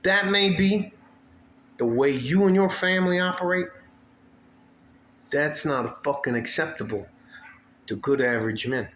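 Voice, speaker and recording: A West Texas vlogger rants angrily and profanely, returning again and again to the same grievances. His voice is fairly high and a bit bright, with lively intonation, an unhurried pace and long pauses. The room is echoey, with faint ambient noise.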